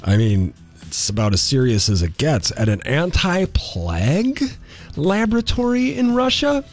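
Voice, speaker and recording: A man hosting a morning radio show, jokey and animated, full of asides and playful tangents. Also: fairly low pitch, unhurried. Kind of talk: casual radio banter.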